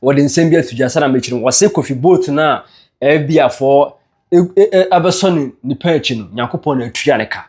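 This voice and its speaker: A man's voice: on the high side, a little fast, a little mellow, husky. A man with a Ghanaian accent, a news presenter retelling entertainment gossip in a storytelling way, dropping English words into his speech.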